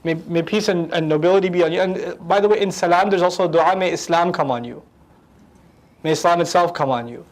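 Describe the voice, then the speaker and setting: A man teaching a lecture on the language of the Quran, animated and humorous, acting out quotes. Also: high voice, fairly quick, poor audio.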